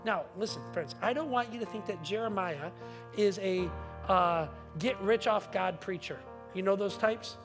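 With music playing in the background, a pastor delivers a sermon at normal speed in a voice that sits high. He rises to forceful, emphatic peaks and sinks into quiet asides, frequently repeating a word whenever he restarts a sentence.

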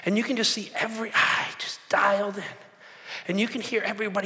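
A man preaching a sermon, animated and acting out the voices of the crowd. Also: high voice, fast talker. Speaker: pastor. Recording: long hall reverb.

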